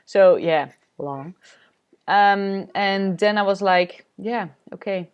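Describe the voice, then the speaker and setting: A woman from the Netherlands, a spiritual coach, telling a personal story in a candid vlog, halting with many fillers. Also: medium pitch, smooth, lo-fi sound. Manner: candid, confessional.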